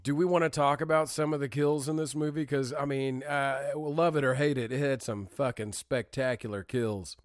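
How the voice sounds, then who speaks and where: A man's voice: medium pitch, steady tone, moderate pace, few pauses, no room sound, studio quality. Enthusiastic man co-hosting a podcast. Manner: enthusiastic, laughs easily. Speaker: podcast co-host. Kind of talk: casual chat.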